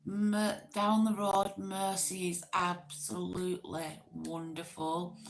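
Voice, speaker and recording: A woman hosting a relaxed livestream chat, praising other creators and greeting viewers in the chat by name. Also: lowish voice, takes it slowly, gravelly, slight background noise, rough recording. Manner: gushing, repeats herself, greets chat members. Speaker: livestream host. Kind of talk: casual chat with live viewers.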